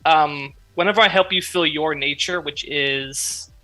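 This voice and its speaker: Upbeat male player, higher and very bright. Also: measured pace, rough recording. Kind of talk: casual tabletop play.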